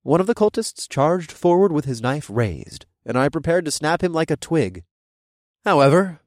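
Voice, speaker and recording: A man narrating a first-person story with an expressive, lively read, his pitch moving a lot. The recording is dry and close, with no room echo at all. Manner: expressive, animated reading. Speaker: audiobook narrator.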